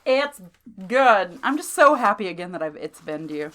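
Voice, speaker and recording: Woman, Texan accent, podcast co-host, casual chat, giggly, very lively pitch. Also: quick pace. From Texas, USA. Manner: giggly, exclamatory, animated.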